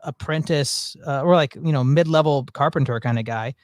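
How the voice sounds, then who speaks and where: Higher-voiced man telling rambling stories. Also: normal speed, no room sound, clean studio sound. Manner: rambling storyteller, many fillers and restarts. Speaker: podcast host. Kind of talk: casual chat.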